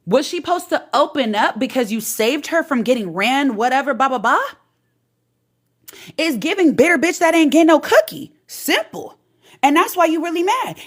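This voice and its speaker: A woman vlogger delivering an opinion callout rant in a sassy, profane, animated way. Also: sits high.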